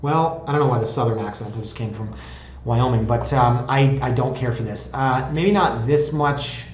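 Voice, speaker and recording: A man's voice: medium pitch, moderate pace, slight background noise. Chatty, sarcastic real estate blogger, man. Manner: chatty, sarcastic, prone to tangents. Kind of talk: casual commentary on home listings. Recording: roomy, slightly dull recording.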